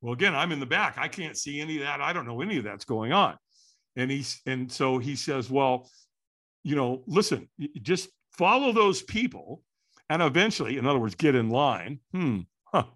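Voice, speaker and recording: Lively, bright-voiced man telling a story. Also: mid-range voice, moderate pace. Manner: lively, acts out quotes and sounds. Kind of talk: animated storytelling.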